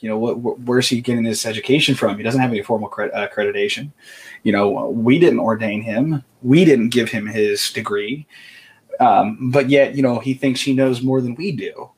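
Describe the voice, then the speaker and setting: Husky man in halting faith talk. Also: medium pitch. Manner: halting, many restarts and fillers. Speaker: podcast co-host. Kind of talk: casual faith discussion.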